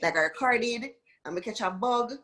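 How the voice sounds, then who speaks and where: A woman's voice: fairly high pitch, moderate pace. Jamaican woman telling her story. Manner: animated storytelling, acts out quoted voices. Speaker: dancehall singer guest. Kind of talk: casual interview chat.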